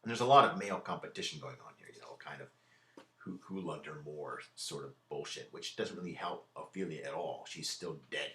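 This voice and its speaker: Deep-voiced man lecturing casually. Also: expressive, fairly quick, fairly bright tone, roomy sound. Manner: casual, conversational, repeats words, paraphrases lines in modern slang. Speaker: literature lecturer. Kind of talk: classroom lecture. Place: lecture room.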